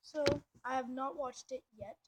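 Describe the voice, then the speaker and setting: A woman giving excitable, rambling gameplay commentary, full of slang and fillers. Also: high-pitched, moderate pace, heavy background noise. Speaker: gameplay video host.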